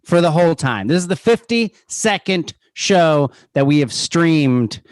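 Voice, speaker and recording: A man hosting a streamed comedy show, giving a loud, emphatic introduction. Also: fairly high pitch, lively intonation, a little slow, no echo, clean studio sound. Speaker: show host.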